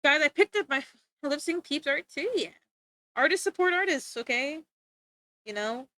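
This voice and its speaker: Bubbly high-voiced woman streamer. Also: lively intonation, moderate pace, sharp tone, no echo. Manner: bubbly, laughs often, talks to chat. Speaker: art streamer. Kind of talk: casual livestream chat.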